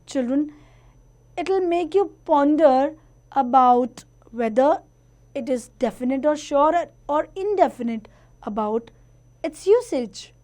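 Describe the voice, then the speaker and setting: A woman teaching a grammar lesson to children, explaining each point slowly and carefully. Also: high voice, lively intonation, darkish tone.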